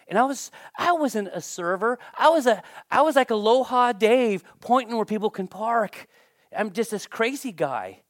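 Animated preacher man, lively pitch. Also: moderate pace, dry recording, clean studio sound. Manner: animated, emphatic storytelling. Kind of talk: sermon with personal storytelling.

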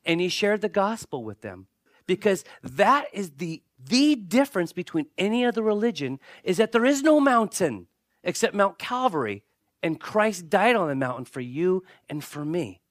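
A pastor delivering a sermon in a conversational way, with joking asides and repeated, restarted phrases. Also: male voice, sits high, very animated, normal speed, dry recording, studio quality.

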